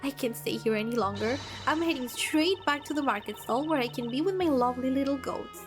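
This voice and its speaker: A woman voicing a fretful, gossipy townswoman who keeps goats, reading game dialogue with shrill, dramatic exclamations. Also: a little fast, music in the background, close to an everyday voice. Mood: fearful. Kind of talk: game dialogue read aloud.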